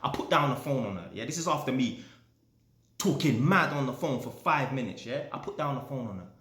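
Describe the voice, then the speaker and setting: A man's voice: medium pitch, animated, brisk, a bit bright, reverberant. A man telling a story casually, swearing often and ending lines with "yeah?". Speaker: vlogger.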